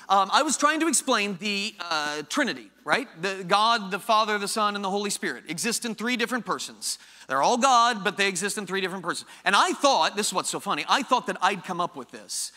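A high, bright male voice preaching with lively swings in pitch, firing off rhetorical questions and playful asides. His sermon rings out with a long hall reverb behind it. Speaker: pastor.

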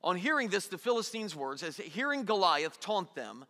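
Male pastor, bright and forceful, lively sermon delivery that acts out the characters. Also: sits high, moderate pace. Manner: animated, acts out quotes in everyday voices. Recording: long hall reverb.

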